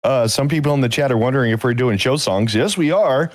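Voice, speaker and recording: A man's voice: medium pitch, fast, no room sound. A man hosting a live weekly talk stream, chatting in an offhand, joking way. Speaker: host of a live weekly show. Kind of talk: casual live-stream chat.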